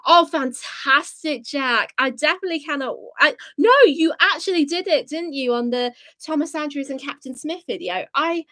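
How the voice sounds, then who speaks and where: High-voiced bubbly woman host. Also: normal speed, few pauses. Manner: bubbly, reads chat comments aloud, excitable gasps. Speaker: live stream host. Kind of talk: casual live stream chat.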